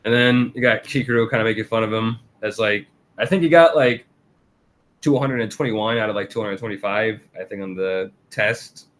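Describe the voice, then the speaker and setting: In a casual review chat, a podcast co-host with a slightly bright voice talks at normal speed. He often breaks into laughter and performs character quotes in a raised pitch.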